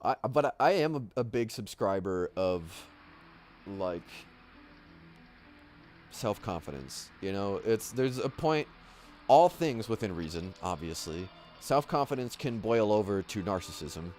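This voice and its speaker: A man hosting a livestream, chatting casually as he watches skate clips, rambling with many fillers and excited outbursts. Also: fairly low pitch, unhurried, faint music behind. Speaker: livestream host.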